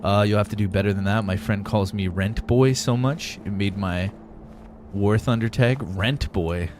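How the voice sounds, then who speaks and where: A man's voice: fairly low pitch, normal speed, background noise. A young man streaming a game, chatting loosely with viewers, swearing casually and laughing often. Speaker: gaming streamer. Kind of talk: live-stream gameplay chat, reading viewer messages.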